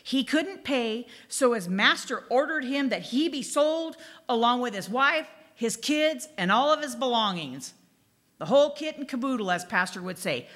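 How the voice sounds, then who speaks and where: A woman preaching a sermon in a lively, chatty way, reading scripture and exclaiming as she goes. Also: on the high side, normal speed.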